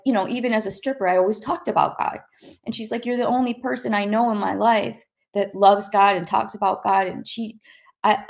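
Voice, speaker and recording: Woman, testimony guest, creaky gravelly tone, halting and soft-spoken delivery. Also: mid-range voice. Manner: soft-spoken, halting, with many restarts and pauses. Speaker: guest sharing her testimony. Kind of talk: emotional personal testimony.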